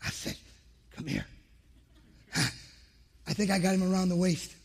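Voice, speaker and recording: A man's voice: high-pitched, completely flat delivery, fast talker, a little mellow, a little hiss or hum. A man preaching a sermon to men, telling a personal story in an emphatic way and acting out past conversations. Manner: emphatic, acts out his own past dialogue.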